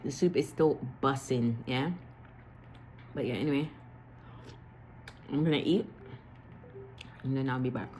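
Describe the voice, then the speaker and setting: A woman, chatting casually in her home vlog and telling stories with lively slips into patois. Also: rumbling low, unhurried, long pauses, a little hiss or hum. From Jamaican roots. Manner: animated storytelling, slipping into patois. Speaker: vlogger.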